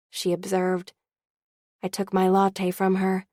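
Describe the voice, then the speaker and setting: A woman's voice: medium pitch, monotone, slow pace, a little mellow, no room sound, studio quality. A woman narrating an audiobook in the first person with a wry, candid tone.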